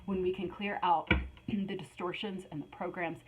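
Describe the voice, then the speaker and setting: A woman's voice: lowish voice, steady tone, moderate pace, a little hiss or hum, low-quality recording. A middle-aged woman giving a casual spiritual tarot reading, rambling with many fillers and restarts. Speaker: tarot reader.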